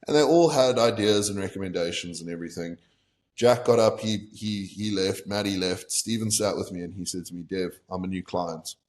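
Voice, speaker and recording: A man's voice: on the low side, brisk, a little mellow. A young man from South Africa, a podcast guest, telling a candid story and acting out what people said to him. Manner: candid, retells conversations in quoted voices. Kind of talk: casual storytelling.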